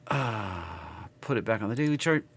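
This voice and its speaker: A man's voice: mid-range voice, animated, moderate pace, slight background noise. A man with a Southern US accent giving casual live market chart commentary, rambling and thinking aloud as he works. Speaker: market analysis streamer.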